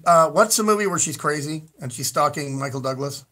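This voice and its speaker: A high-pitched man hosts a casual radio talk show. He talks in an animated, rambling way and trips over and repeats his words. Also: a little fast.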